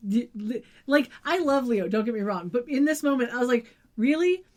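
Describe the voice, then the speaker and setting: High-voiced woman chatting sarcastically. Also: expressive, fairly quick, darkish tone. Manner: conversational, voices opinions with sarcastic asides. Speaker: podcast co-host. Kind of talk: casual recap chat.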